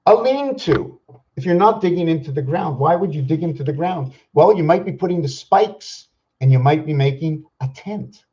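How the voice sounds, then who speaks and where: A man hosting a rambling vlog monologue, musing aloud with rhetorical questions and slowly counting out numbers, at times loud and worked up. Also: on the high side, animated, slightly rough, muffled recording. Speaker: channel host.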